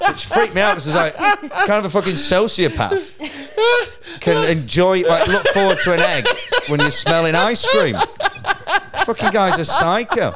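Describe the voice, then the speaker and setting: Man, comedian, casual storytelling, sweary, very lively pitch. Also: normal speed, over a noisy crowd. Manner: sweary, animated anecdote-telling, laughing through punchlines. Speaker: stand-up comedian. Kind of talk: casual podcast chat, storytelling.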